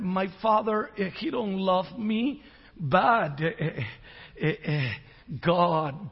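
Fervent high-voiced man preaching. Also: husky. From Costa Rica. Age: middle-aged. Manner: fervent, swings from shouting to soft. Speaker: visiting minister. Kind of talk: preaching and prayer. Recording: dull church hall sound with reverb.

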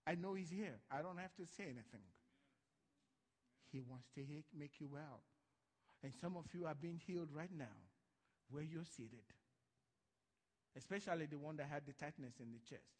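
A male pastor preaching a sermon, swinging from hushed lines to loud ones and acting out voices from Bible stories. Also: on the high side, moderate pace, pauses often, big-room sound.

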